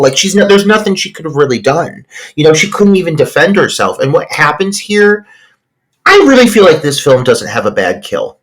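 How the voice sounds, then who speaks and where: A man co-hosting a casual film podcast, recapping scenes in an excited, emphatic way. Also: medium pitch, low-quality recording. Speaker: podcast co-host.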